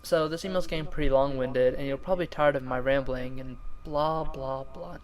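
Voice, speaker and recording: A young man co-hosting a casual gaming podcast, relaxed, rambling and jokey. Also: mid-range voice, moderate pace, poor audio. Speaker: podcast co-host.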